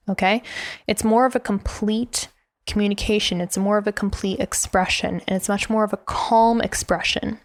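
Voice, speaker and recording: A woman's voice: mid-range voice, steady tone, normal speed, no echo. A woman hosting a business coaching podcast, talking directly and emphatically and laughing now and then as she teaches. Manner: direct and emphatic, laughs often, demonstrates tone by example. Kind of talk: instructional podcast talk.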